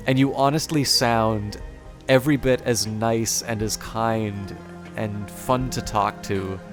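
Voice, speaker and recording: Male streamer, low and gravelly, rambling, apologetic, reads a game aloud. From Canada. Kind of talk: casual chat and reading a game aloud.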